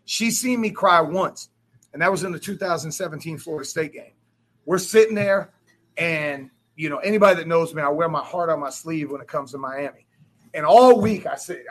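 A man in his forties giving an impassioned, storytelling speech to a crowd, swearing freely and rising to shouts. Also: fairly high pitch, brisk. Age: 40s.

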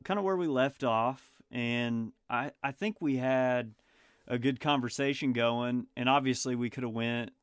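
A man's voice: mid-range voice, unhurried, clear, resonant tone, no echo, clean studio sound. A man in his thirties hosting a casual podcast, a father of two, talking in a rambling, friendly way with frequent restarts. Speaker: podcast host.

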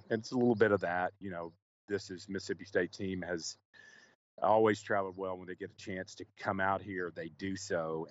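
A man's voice: deep voice, muffled recording. A man reporting on location for a podcast, talking casually with many restarts and fillers.

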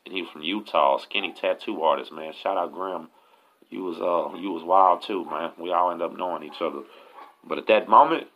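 Texan male host, very low gravelly voice, slangy profane storyteller, lo-fi audio. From Texas, USA. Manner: profane, slangy, street talk. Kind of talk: casual storytelling.

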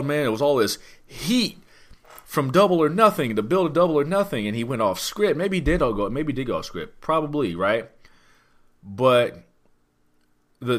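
A man hosting a podcast, talking through wrestling news in a rambling, emphatic way with lots of rhetorical questions. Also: mid-range voice. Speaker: podcast host. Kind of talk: casual wrestling chat.

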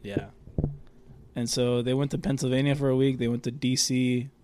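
A man's voice: medium pitch, flat delivery, moderate pace, warm tone, slight background noise. A man co-hosting a podcast, telling loose stories in casual chat and swearing freely. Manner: laid-back storytelling, heavy swearing. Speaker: podcast co-host.

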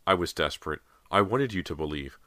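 A man voicing a desperate, defiant teenage girl in an audiobook, speaking in a hushed, urgent way. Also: deep voice, lively intonation, a little fast, no room sound.

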